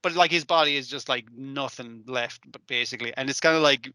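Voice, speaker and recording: A man co-hosting a podcast, retelling scenes in casual chat, animated, acting out lines and swearing often. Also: mid-range voice, brisk, smooth, no room sound. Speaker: podcast co-host.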